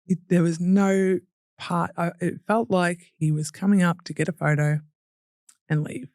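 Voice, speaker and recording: A woman's voice: on the low side, steady tone, a little slow, darkish tone, no room sound, studio quality. A young Australian woman, a podcast guest, telling her hard story bluntly and with swearing, laughing through painful memories and acting out what people said. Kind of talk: candid personal storytelling.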